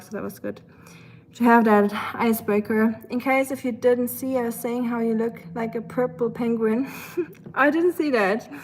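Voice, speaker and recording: A woman's voice: a little high, darkish tone, a little hiss or hum. Chatty German-accented woman streamer. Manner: chatty, many fillers, reads out viewer comments. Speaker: live streamer. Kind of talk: casual chat with viewers.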